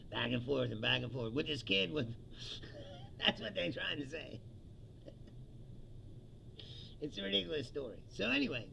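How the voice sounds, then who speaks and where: Gravelly American man ranting, laughing. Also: fairly high pitch, pushed and bright, a little hiss or hum, poor audio. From United States. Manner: profane, angry ranting with frequent laughs. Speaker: comedian and show host. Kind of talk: ranting comedic commentary.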